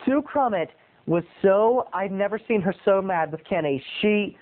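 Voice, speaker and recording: A man who is a video blogger telling a story in an animated way and addressing his viewers directly. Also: high-pitched, moderate pace. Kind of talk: storytelling vlog. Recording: tinny phone-like lo-fi sound.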